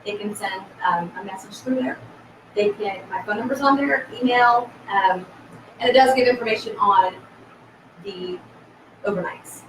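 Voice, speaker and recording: A woman's voice: mid-range voice, lively intonation, normal speed, noisy background. A woman co-owning a haunted house, chatting casually on a live stream, laughing easily. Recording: echoey room, far from mic.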